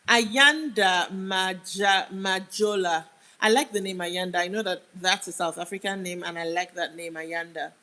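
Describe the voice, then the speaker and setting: A woman's voice: fairly low pitch, fairly even intonation, unhurried, sharp tone, low-quality recording. A young woman from Nigeria with a Nigerian accent, hosting a casual livestream and chatting as she answers viewer comments. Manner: chatty, answers comments aloud, drifts off mid-sentence. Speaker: livestream host.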